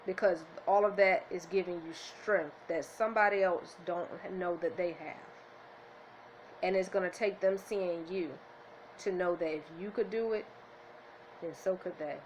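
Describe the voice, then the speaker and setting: A woman's voice: fairly low pitch, fairly even intonation, measured pace, a little hiss or hum, poor audio. A woman vlogging to her viewers with the camera in her hand, earnest and heartfelt, close to tears with happiness. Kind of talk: emotional motivational vlog. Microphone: handheld camera.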